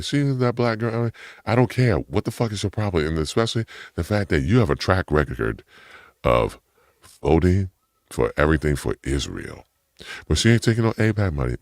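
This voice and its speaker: A man with a gravelly low voice delivers a heated, profane personal rant, his pitch climbing sharply whenever he gets indignant. The recording is dry and studio quality.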